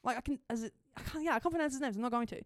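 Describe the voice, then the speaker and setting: A young Australian woman co-hosting a podcast and telling a story in casual chat. She talks in an animated way, laughs often and swears freely. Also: on the high side, rapid-fire, no room sound, studio quality. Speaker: podcast co-host.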